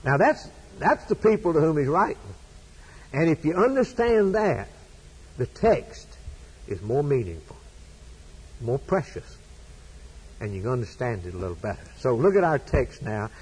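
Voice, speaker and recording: A man preaches from the pulpit in a husky voice with a mid-range pitch. He repeats phrases in an emphatic preaching cadence. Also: sing-song, normal speed, pauses often, low-quality recording. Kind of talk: sermon.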